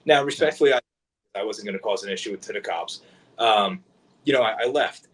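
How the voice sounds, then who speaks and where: A man's voice: fairly low pitch, fairly quick, breathy edge, low-quality recording. New man hosting a chatty podcast. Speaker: podcast host. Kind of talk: casual chat.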